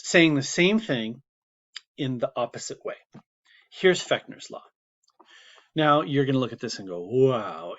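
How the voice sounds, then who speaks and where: A man's voice: medium pitch, fairly bright tone. A man teaching a psychology lesson in a casual, chatty way, with asides and fillers. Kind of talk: classroom video lecture. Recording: slightly muffled lo-fi recording.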